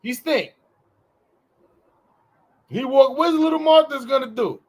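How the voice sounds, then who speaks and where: A man with a high, bright voice co-hosts a casual morning podcast. He rants in a loose, profane way and swoops his pitch up and down when he mimics people. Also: slow. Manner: animated, profane, swings pitch wildly acting out quotes. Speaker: podcast co-host. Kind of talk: casual morning show banter.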